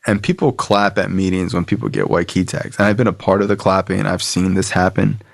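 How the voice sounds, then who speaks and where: A man's voice: low voice, steady tone, a little fast, vocal fry, dry recording, clean studio sound. A young man telling a long personal story in casual talk, swearing and acting out what others said. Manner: rambling, profane, acts out quotes. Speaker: podcast guest.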